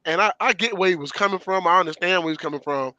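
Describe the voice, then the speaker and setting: A middle-aged man tells stories in a bright, forceful voice. He talks with emphasis and conviction, and his voice sits on the higher side. The recording is close and dry. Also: quick pace, no echo, dull audio. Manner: storytelling, emphatic, laughs often. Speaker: former player and show regular. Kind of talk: casual sports talk.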